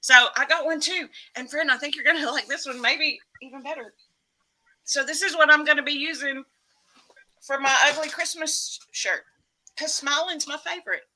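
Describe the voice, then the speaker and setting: Bright Texan woman hosting a livestream. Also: sits high, steady tone, normal speed, rough recording. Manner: chatty, teasing, greets viewers. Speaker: livestream host. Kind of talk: casual live-stream chat.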